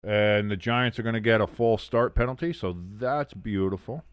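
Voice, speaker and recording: A man with a fairly low, clean-toned voice hosts a relaxed football watch-along at normal speed, with no echo. Calling plays and reading chat out loud, he jokes sardonically and curses frequently.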